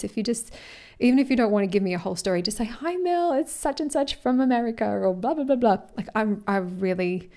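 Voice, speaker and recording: A woman talking casually to her followers in a rambling, earnest way, sometimes dropping to a soft whisper. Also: medium pitch. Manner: rambling and warm-hearted, often losing her thread. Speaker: vlogger speaking to her followers. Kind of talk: casual chat to camera.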